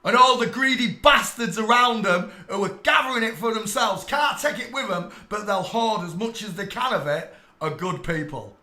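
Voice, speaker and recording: An English man ranting on a live stream, preachy and irate, swearing and bursting into shouts at his chat. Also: sits high, animated, normal speed, hardly any pauses, echoey room.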